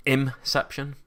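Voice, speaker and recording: A man streams live from his hobby desk while painting miniatures, chatting casually, reading the chat aloud, and rambling along. His voice is mid-range and a bit bright.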